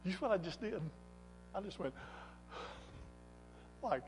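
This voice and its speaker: High-voiced preacher in a reverberant hall. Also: male voice, expressive, measured pace, faint music behind. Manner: emphatic, swings between loud exhortation and quiet asides. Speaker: pastor. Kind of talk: sermon. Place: church sanctuary.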